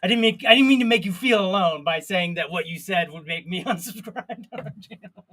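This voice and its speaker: A man's voice: high-pitched, animated, brisk, bright, forceful tone. A man co-hosting a live stream, chatting in a playful, rambling, jokey way. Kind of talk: casual comedic chat.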